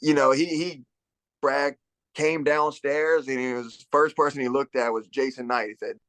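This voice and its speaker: A man in his thirties talks easily through fight stories on a podcast, full of fillers and restarts. His voice sits at an ordinary middle pitch. The sound is dry and close, with no room around it. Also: steady tone, moderate pace, a bit bright, no room sound. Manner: laid-back storyteller, many fillers and restarts. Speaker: UFC fighter guest. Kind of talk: casual podcast interview.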